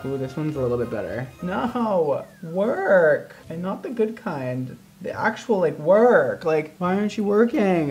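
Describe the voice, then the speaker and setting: A man's voice: high voice, very animated, measured pace, hardly any pauses, darkish tone, soft background music. A man hairstylist vlogging casually as he colors hair, with dramatic, exaggerated, self-mocking reactions.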